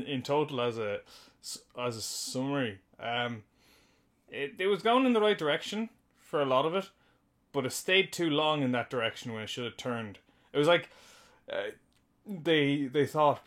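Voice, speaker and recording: Man, podcast co-host, mid-pitch, dry wry quips, stammered starts. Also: normal speed, fairly bright tone. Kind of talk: casual episode discussion.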